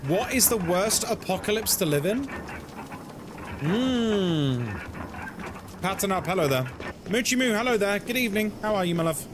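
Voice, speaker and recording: A man streams a horror game with casual, chatty live commentary, greeting viewers by name between remarks about the gameplay. His high-pitched voice has lively intonation, normal speed, and frequent pauses, and the recording has clear background noise.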